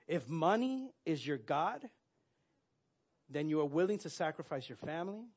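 A man preaching a sermon, earnest and direct, often restarting his sentences and filling pauses with "uh". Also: a little high, animated. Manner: earnest, with frequent fillers and restarts. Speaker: pastor.

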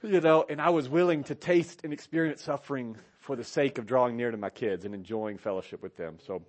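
A male pastor, maybe in his thirties, preaching a sermon. He tells animated stories and keeps checking in with "right?". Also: mid-range voice. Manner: animated storytelling with a pulpit cadence, asking "right?" often.

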